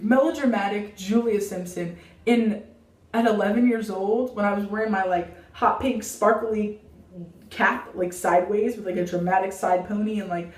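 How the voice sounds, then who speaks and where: Young woman, casual storytime vlog, dramatic, animated, roomy echo, distant mic. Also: mid-range voice. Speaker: vlogger.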